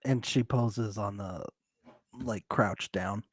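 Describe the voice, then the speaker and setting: A man's voice: lowish voice, slow pace, husky, no room sound. A man co-hosting a live TV recap podcast, chatting casually, laughing often and plugging the show. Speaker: podcast co-host.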